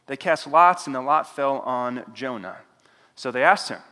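Guy preaching a bible passage, bright voice, big echoey church hall. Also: mid-range voice, unhurried. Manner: animated retelling with voiced asides. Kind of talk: expository sermon. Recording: long hall reverb.

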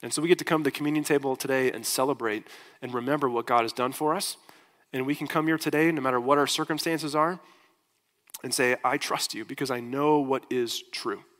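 A man's voice: mid-range voice, fairly even intonation, fast, fairly bright tone. Man preaching in an echoing church. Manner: earnest preaching, rising and falling in force. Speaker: pastor. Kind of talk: sermon. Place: church sanctuary. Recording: long reverb of a church hall.

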